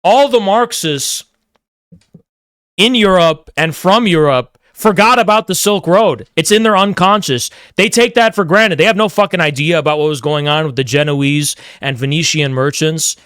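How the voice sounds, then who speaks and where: A man's voice: on the high side, moderate pace, a bit bright, smooth, no echo, clean studio sound. A man delivering a provocative, emphatic ranting monologue, repeating phrases for effect. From United States. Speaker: political commentator.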